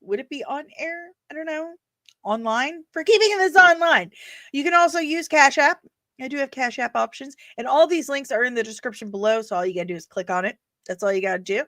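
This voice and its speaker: A woman hosting a live stream in a relaxed, joking way, her voice sitting a little high for a woman. She chats with viewers and breaks into sudden loud, energetic bursts. The sound is dry and close, with no room around it. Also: brisk, no room sound. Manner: playful, quoting film lines, bursts of loud energy. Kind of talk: casual live-stream chat.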